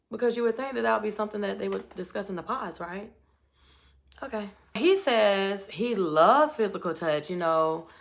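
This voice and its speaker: A woman's voice: mid-range voice, fairly bright tone. A woman giving a casual, chatty recap of a reality show, telling it expressively with lots of asides. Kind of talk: casual commentary.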